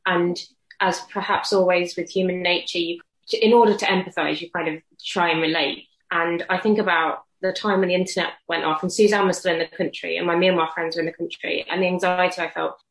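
A woman co-host with a lowish voice talks to her guest, heaping on warm, effusive praise. The recording carries a noticeable roomy echo. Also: fairly even intonation, brisk. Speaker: podcast co-host. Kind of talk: interview conversation.

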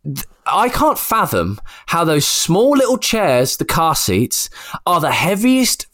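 A man in his thirties chatting casually as a podcast co-host, telling lively stories and acting out the quotes. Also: fairly high pitch, takes it slowly. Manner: animated storyteller who acts out quotes. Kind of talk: casual chat.

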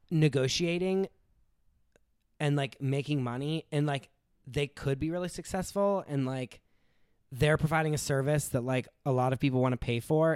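A young man hosts a podcast in an easy, rambling way, stringing thoughts together with constant filler words. His voice sits at an ordinary pitch. The sound is dry and close, with no room to it. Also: clean tone, no room sound. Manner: rambling, many "like" fillers, animated. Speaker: podcast host. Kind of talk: casual chat.

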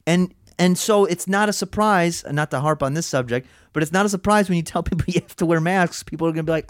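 Animated man telling a workplace story. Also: a little high, quick pace, few pauses, no echo, studio quality. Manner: animated storyteller, swears, acts out other people's voices. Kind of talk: casual storytelling chat.

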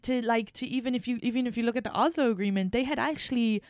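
Smooth-voiced woman chatting casually. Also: a little high, fast, no echo, studio quality. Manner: rambling, restarts often, animated. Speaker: podcast host. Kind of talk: casual chat.

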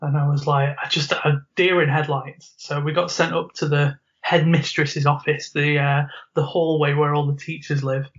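A man co-hosting a casual podcast tells a school story with a slightly high voice and an animated delivery, often laughing and acting out what others said. The recording sounds muffled and lo-fi. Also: normal speed, hardly any pauses. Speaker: podcast co-host.

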